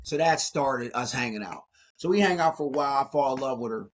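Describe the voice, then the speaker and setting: A man in his forties, a guest speaker in an interview, telling his life story in an animated way and acting out the dialogue. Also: medium pitch, brisk. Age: 40s.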